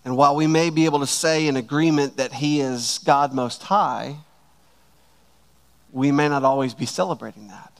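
A man preaching a sermon to his church, slow and emphatic, stretching out key words. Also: mid-range voice, creaky. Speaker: pastor.

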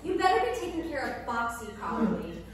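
A woman's voice: a little high, big pitch swings, brisk. A woman playing an earnest, exasperated woman who keeps correcting others in a scripted comedy sketch. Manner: patient correcting, then exasperated. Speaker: character in a comedy audio sketch. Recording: echoey room, distant mic, faint noise.

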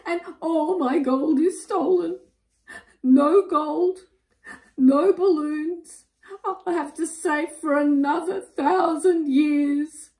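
A woman voicing a lonely thousand-year-old male dragon, high and wailing as he sobs. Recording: roomy echo.

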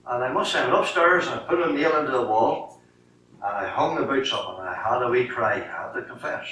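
A middle-aged Northern Irish man tells his testimony from the pulpit, bright and forceful in tone, acting out each exchange as he goes. He sounds set back from the mic, his voice ringing through a very echoey church with a faint hiss underneath. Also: mid-range voice, fairly quick, distant mic. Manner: animated storyteller acting out dialogue. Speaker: lay preacher giving testimony. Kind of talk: sermon testimony. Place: church sanctuary.

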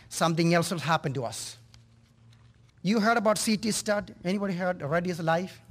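A man preaching a sermon, moving from quiet storytelling to impassioned, pleading cries. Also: high voice. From India. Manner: impassioned, rising to fervent cries.

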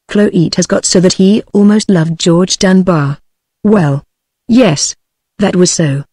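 A woman's text-to-speech voice with a British English accent, reading an audiobook in an even, synthetic manner. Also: on the low side, takes it slowly, slightly rough, no echo. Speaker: narrator. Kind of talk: audiobook narration.

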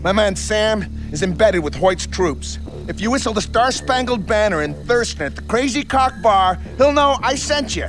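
Willis, a brash American spy. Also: male voice, sits high, lively intonation, normal speed, hardly any pauses, over music, low-quality recording. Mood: boastful. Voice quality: gruff, bossy, boastful. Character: brash patriotic American male spy agent.

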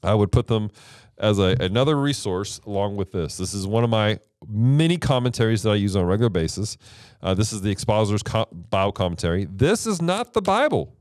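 A man hosts a Bible teaching show, explaining translations casually but emphatically and posing rhetorical questions. His voice is on the low side and darkish, very animated and brisk. The studio-quality recording has no echo.

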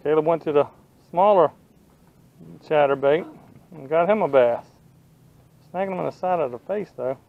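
Easygoing man, slightly high voice. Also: moderate pace, vocal fry, long pauses, narrow, tinny audio. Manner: easygoing, chatty, coaching the boys. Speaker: fishing vlogger and host. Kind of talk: casual outdoor fishing vlog. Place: on a boat on a lake, outdoors. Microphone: action camera.

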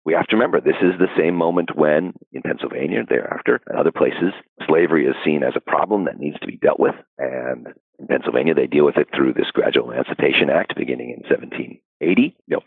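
A man with a very deep, gravelly voice and a husky edge answers in a podcast interview. He talks in a thoughtful, discursive way, stacking "you know" as he goes. The sound is dry and thin, like a phone line. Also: dry recording. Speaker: historian guest. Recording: dry, phone-like call audio.

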